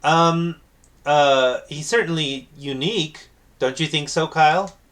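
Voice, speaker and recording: A man voicing a lively young woman priestess. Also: fairly high pitch, a little slow, pitched above the performer's own voice. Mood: awkward.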